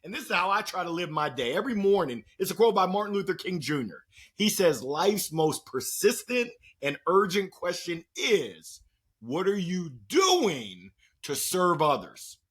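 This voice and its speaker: A man speaking as a podcast guest and motivational speaker, telling stories in a playful, animated way and acting out the voices of the people he quotes. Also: high-pitched, measured pace, slightly rough. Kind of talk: energetic storytelling conversation.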